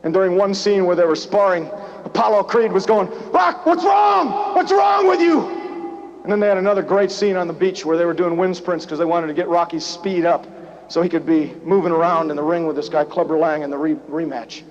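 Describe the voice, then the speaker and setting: A man giving a motivational rally speech, telling a story in punchy, repetitive lines that build to shouts. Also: a little high, steady tone, fast talker. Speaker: motivational business speaker. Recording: dull lo-fi live tape, faint noise.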